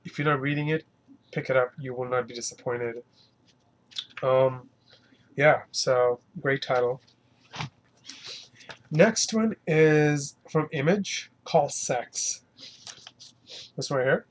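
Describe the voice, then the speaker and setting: A man's voice: medium pitch, slow, pauses often. A man casually reviewing comic books, rambling and retelling scenes, leaning heavily on fillers like "you know" and "um".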